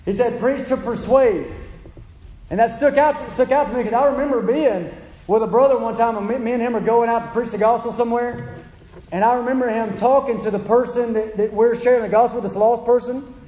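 A man's voice: very high-pitched, fairly even intonation, fast, dark tone. A man preaching a sermon with passion, pleading with listeners and acting out quotes. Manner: impassioned, pleading, acts out quotes. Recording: echoey hall.

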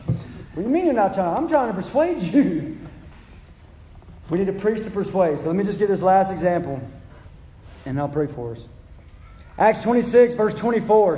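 A man's voice: sits high, warm tone. A man preaching a sermon with passion, pleading with listeners and acting out quotes. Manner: impassioned, pleading, acts out quotes. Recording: echoey hall.

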